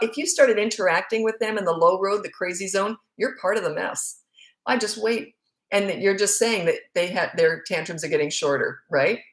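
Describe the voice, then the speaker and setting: A woman's voice: mid-range voice, roomy sound. A middle-aged woman parenting coach answering questions in a casual, candid live Q&A, often laughing. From Canada. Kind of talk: casual livestream Q&A.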